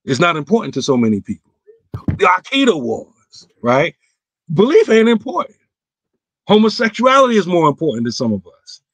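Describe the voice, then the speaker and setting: A man's voice: high voice, wildly swooping pitch, moderate pace, dry recording. A man, an imam, answering viewer questions on an online roundtable in a casual, emphatic way, his voice climbing when he stresses a point. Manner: casual, clipped everyday grammar.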